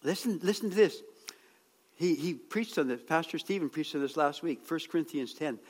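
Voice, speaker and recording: A middle-aged man preaching a sermon, chatty and joking, then rising to a shout as he urges people on. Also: a little high, moderate pace. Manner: conversational preaching that swings to shouted exhortation. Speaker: pastor. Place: church hall. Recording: long church-hall reverb.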